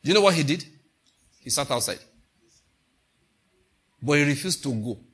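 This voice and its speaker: Male preacher, animated storyteller, husky edge, bright tone. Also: a little high, moderate pace. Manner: animated, storytelling with laughter and acted-out quotes. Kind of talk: sermon.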